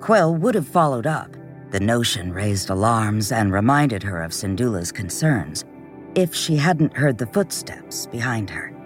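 A man's voice: lowish voice, big pitch swings, measured pace. Man narrating a novel over faint music. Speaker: audiobook narrator. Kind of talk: scripted narration.

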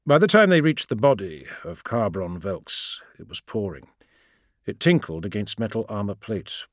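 A man narrating a story in a measured, dramatic storytelling manner. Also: lowish voice, dry recording, clean studio sound. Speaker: audiobook narrator. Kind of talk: scripted narration.

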